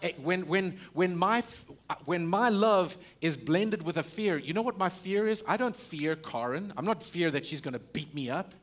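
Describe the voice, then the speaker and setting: A male pastor preaching a sermon, full of rhetorical questions and restarts, swinging from loud emphasis to hushed, low stretches. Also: expressive, normal speed, few pauses.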